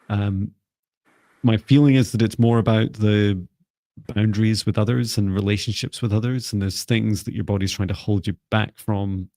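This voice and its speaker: A man leads a live psychic reading session, speaking gently and calmly and pausing on frequent ums. His voice sits low and gravelly. The sound is dry and close. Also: dry recording. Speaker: psychic mentor, co-host.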